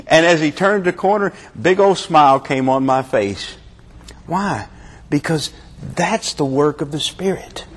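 A man preaching a sermon with fervour, his delivery swinging between loud and hushed. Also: fairly high pitch, animated, slow, pauses often, a little hiss or hum.

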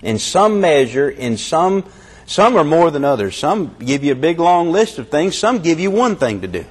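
A man preaching a sermon with fervour, his delivery swinging between loud and hushed. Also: on the high side, big pitch swings, moderate pace, breathy edge.

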